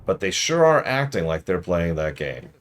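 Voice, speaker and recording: Deep-voiced male streamer, wry and ranting. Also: big pitch swings, moderate pace. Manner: wry, ranting, mocks the ads he criticizes. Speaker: game streamer. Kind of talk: casual commentary while playing.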